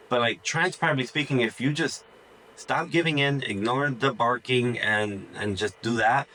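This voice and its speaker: Bright-voiced casual dog trainer, a man. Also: mid-range voice, low-quality recording. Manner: informal, says "dude" and "like" a lot, acts out the dog's thoughts. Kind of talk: casual instructional talk to camera.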